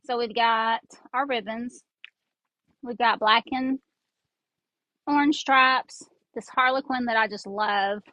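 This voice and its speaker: A woman's voice: on the high side, steady tone, takes it slowly, long pauses, pushed and bright, no echo, highs cut off. A woman with a Southern accent chatting casually while she makes a craft, rambling as she works with her hands and a bit congested. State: congested from sinuses. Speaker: craft host. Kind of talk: casual craft tutorial chat. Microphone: earbud mic.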